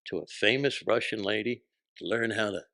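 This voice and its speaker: A man with a gravelly, low-set voice that still sounds bright and forward. He tells relaxed stories in casual conversation as a guest, recorded dry and close. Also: fairly quick, no echo. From New Jersey. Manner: laid-back anecdotes with animated quoted voices. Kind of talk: casual storytelling chat.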